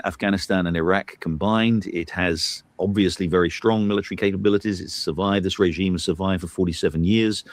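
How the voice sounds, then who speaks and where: Deep-voiced man giving hesitant political analysis. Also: no echo. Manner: hesitant, many fillers and restarts, grows emphatic. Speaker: political commentator. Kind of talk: analytical commentary chat.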